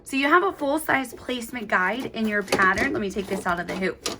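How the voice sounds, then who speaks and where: Young woman, craft tutorial host, slightly high, gushing and chatty while she demonstrates. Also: animated, brisk, sharp tone, slight background noise.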